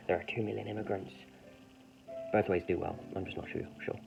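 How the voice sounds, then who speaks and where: A man's voice: deep voice, creaky. A man rambling in a hesitant, self-correcting monologue as he mulls over ideas for a piece he is writing. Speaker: writer thinking aloud. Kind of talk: rambling thinking-aloud monologue. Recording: muffled lo-fi recording.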